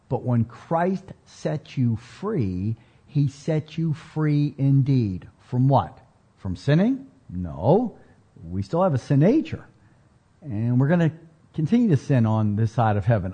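Male pastor, sermon delivery, husky tone, slow and very animated. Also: medium pitch. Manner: preaching with rhetorical questions, rising to emphatic peaks.

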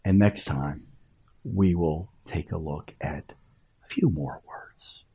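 A male pastor preaching on a radio show, emphatic and often dropping into hushed, whispered words. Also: extremely low pitch, slow pace, husky, highs cut off.

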